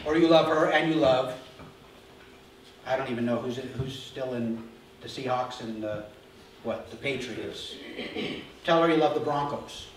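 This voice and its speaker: A male pastor with a mid-range voice preaches a conversational sermon at a measured pace, pausing often and frequently asking the congregation questions. He's recorded from far off in an echoey church sanctuary with background noise.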